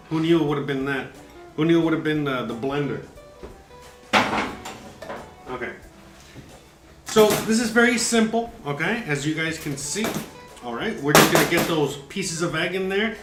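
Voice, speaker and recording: In a home kitchen, a man hosts a casual live cooking demo, his slightly high voice sounding roomy on a rough recording. He chats and jokes, peppering his talk with "you know."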